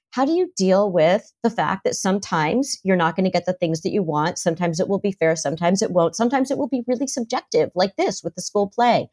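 A woman therapist as a guest, talking through parenting examples and acting out parents' lines. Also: on the low side. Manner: animated, acts out parents' lines in quotes. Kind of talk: conversational interview.

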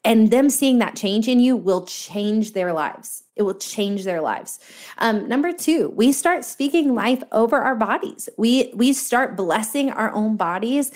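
A woman's voice: fairly high pitch, animated, a little slow, a little mellow. Earnest woman guest, preachy podcast chat, says stuff twice for punch. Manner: earnest, preachy, emphatic repetition. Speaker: guest author. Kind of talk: faith-based podcast conversation.

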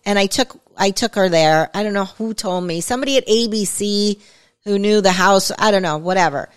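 A woman in mid-range pitch chats on a podcast. She rambles through her own story with fillers and side remarks. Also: fairly quick, clean tone. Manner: chatty, full of fillers and asides. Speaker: podcast co-host. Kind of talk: casual chat.

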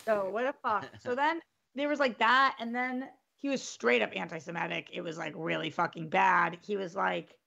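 Woman, casual storyteller, gravelly edge, lively quoting, lo-fi recording. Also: mid-range voice, moderate pace. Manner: animated, acts out quotes, swears freely. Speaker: storyteller in a group chat.

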